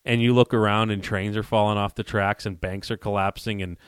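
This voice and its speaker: A man co-hosting a casual chat, telling a story with quick laughs and acting out both sides of a phone call. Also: fairly low pitch, smooth, dry recording, clean studio sound. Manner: animated storyteller who acts out both sides of phone calls, laughing as he goes. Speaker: podcast co-host.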